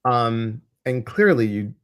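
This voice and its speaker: An intuitive coach runs a casual livestream, welcoming viewers and reading out their comments. His mid-range voice is expressive and slow, and his manner is warm and chatty as he speaks straight to his audience.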